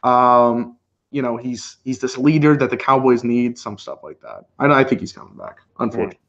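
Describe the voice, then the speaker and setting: A man's voice: mid-range voice, brisk, highs cut off. A man co-hosting a live football reaction stream, chatting casually and calling plays as they happen. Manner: relaxed, laughs often, calls plays as they happen. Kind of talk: casual live play-by-play chat.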